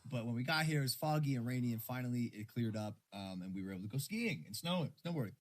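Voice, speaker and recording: A man's voice: medium pitch, animated, fast. A man co-hosting a casual podcast, telling a rambling story with loose, casual swearing.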